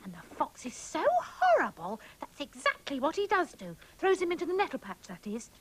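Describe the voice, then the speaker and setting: A woman's voice: high-pitched, big pitch swings, moderate pace, low-quality recording. A woman voicing a chatty, bossy young female panda puppet who giggles and schemes. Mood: chirpy scheming. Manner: sing-song, giggly, scheming. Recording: hissy old VHS tape.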